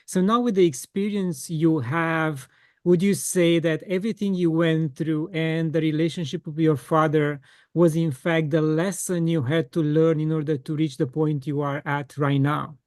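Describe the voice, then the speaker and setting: A man's voice: fairly high pitch, fairly even intonation, normal speed, darkish tone, no echo, clean studio sound. A man hosting an interview podcast, speaking in a casual, encouraging way with hesitant fillers. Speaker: podcast host.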